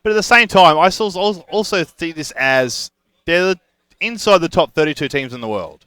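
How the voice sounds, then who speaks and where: A young man with a thick rural Australian accent, casting live esports in a chatty, energetic, loose way. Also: fairly high pitch, normal speed, smooth, no room sound. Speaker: esports caster.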